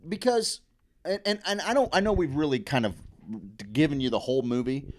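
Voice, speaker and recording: Animated man recapping a movie. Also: fairly high pitch, a little fast. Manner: animated storyteller, acts out quoted lines. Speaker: podcast co-host. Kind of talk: casual comedic chat recapping a movie.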